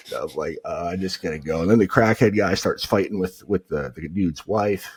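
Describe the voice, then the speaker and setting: A man with a very deep, husky voice tells stories as a podcast guest. He rambles loosely, leaning on "like" and other fillers over and over. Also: brisk, few pauses. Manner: rambling, filler-heavy, lots of "like". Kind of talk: casual storytelling.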